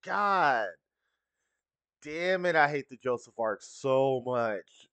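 Field: Role: laid-back reaction host. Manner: chatty, laughing, profane. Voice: slow, dry. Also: male voice, mid-range voice, lively intonation, fairly bright tone, clean tone, dry recording. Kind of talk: casual reaction commentary.

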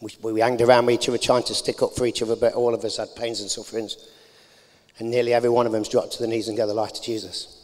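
A man's voice: medium pitch, flat delivery, fast talker, darkish tone. A man, giving a blunt, earnest personal testimony in an interview. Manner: blunt working-class storytelling, plain and earnest. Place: large church hall. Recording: long hall reverb.

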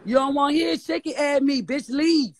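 Speaking high and fairly fast, a guest on a live stream rants in a New Orleans accent. He curses, taunts and defies, repeating his insults in a heated tirade, and the audio has no echo.

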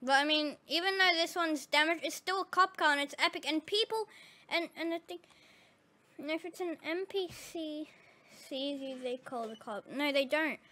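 Very high, bright-voiced excitable woman gamer. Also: moderate pace. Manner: excitable, exclaiming and laughing. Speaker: gaming channel host. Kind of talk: casual gameplay commentary.

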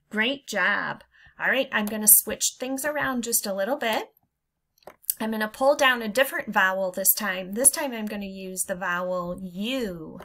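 A woman teaching young children to blend letter sounds, speaking in a slow, encouraging way and drawing the sounds out for them to repeat. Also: medium pitch, sharp tone. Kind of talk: phonics lesson for young children.

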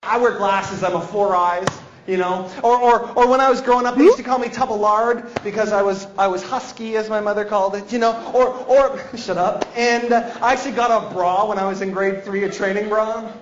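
High-voiced energetic man telling stories. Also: a little fast. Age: 30s. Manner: energetic, animated, repeats words on restarts. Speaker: motivational keynote speaker. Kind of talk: comedic storytelling talk. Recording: dull lo-fi recording.

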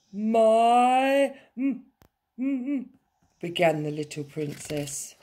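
Teacher read-aloud: woman, lowish husky voice, slow and animated. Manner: slow, expressive storytelling. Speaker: teacher reading a story. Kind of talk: children's story read-aloud.

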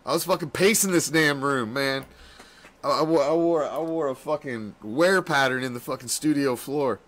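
A man hosting a postgame fan reaction show, ranting with constant swearing, laughing often and swinging between yelling and muttering, in a home studio room. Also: medium pitch, moderate pace. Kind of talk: profane postgame rant.

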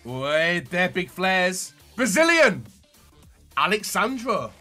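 An excitable young man commentating pack openings in a high, bright voice that leaps wildly up and down. He talks slowly between bursts, calls his viewers "guys", and yells at big pulls. Faint music plays behind him. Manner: excitable, yelps and shouts at the screen. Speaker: YouTuber.

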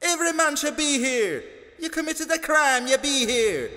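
A man's voice: very high voice, lively intonation, moderate pace, bright, forceful tone, big-room sound, full character voice. A man voicing a boastful, menacing male prison inmate who speaks broken English.

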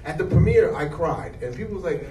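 A man in his forties, an actor being interviewed, telling stories in an animated, jokey way. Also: fairly high pitch, brisk. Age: 40s. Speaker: actor guest. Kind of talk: casual interview. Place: event hall with an audience. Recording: echoey hall, distant mic, noise.

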